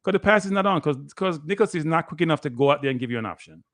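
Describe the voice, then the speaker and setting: Excitable man calling a match. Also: a little high, very fast, dry recording. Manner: excitable, play-by-play that bursts into shouting. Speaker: guest analyst. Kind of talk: live watchalong match commentary.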